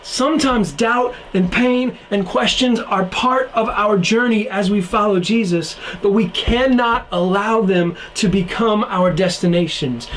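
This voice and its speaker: A young man with a high voice gives an online youth sermon, earnest and casual, dropping slang and acting out the people in the story. Faint noise sits under the recording. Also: poor audio. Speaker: youth pastor.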